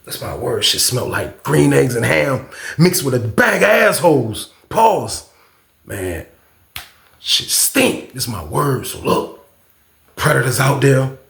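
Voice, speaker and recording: A man telling a casual storytime tale, animated and profane, often repeating his own catchphrases. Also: mid-range voice, takes it slowly, creaky, echoey room. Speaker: storyteller, channel host.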